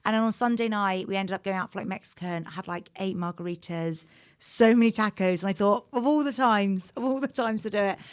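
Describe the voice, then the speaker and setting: A young British woman, a comedian, chatting as a guest with lots of laughter and lively storytelling. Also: mid-range voice, a little fast. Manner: giggly, animated storyteller. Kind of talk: casual chat.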